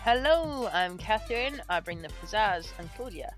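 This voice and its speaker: A woman's voice: mid-range voice, expressive, normal speed, faint music behind, low-quality recording. A woman co-hosting a podcast in casual comedic chat, exaggerated and exasperated in her jokes. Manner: exaggerated, exasperated and jokey, with frequent laughter. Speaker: podcast co-host.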